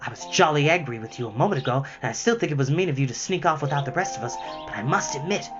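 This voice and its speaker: A man voicing an anxious, prickly schoolboy who talks fast and stammers when flustered. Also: a little high, lively intonation, music in the background, natural voice. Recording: slightly muffled lo-fi recording.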